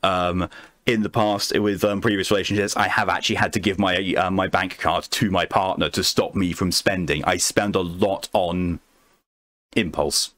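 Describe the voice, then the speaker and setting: A man streaming a game late at night, chatting calmly with his chat and answering messages in a soothing tone. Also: lowish voice, no echo. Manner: calm, soothing voice meant to lull viewers to sleep.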